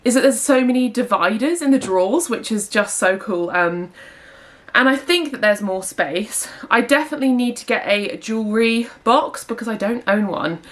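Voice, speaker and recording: Young woman, vlogger, chatty and rambling, mid-pitched, recorded at home on a camera mic. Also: a bit bright. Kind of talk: casual vlog chat. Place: home indoors.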